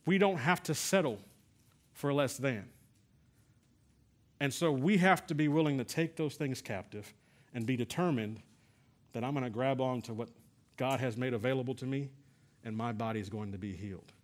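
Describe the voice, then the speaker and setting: A man's voice: medium pitch, normal speed, pauses often. A middle-aged man from Texas preaching a sermon, telling a personal story in a conversational way with many fillers and restarts. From San Antonio, Texas. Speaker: pastor.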